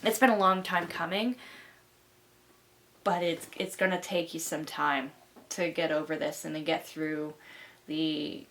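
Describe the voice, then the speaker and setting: A young woman speaks in a fairly low voice as she works through a tarot reading. Her talk rambles and reassures, full of ums and restarts. A faint hiss sits under the voice. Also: steady tone, a little slow, pauses often, fairly bright tone. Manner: rambling and reassuring, with many fillers. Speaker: tarot reader. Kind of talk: pick-a-card tarot reading.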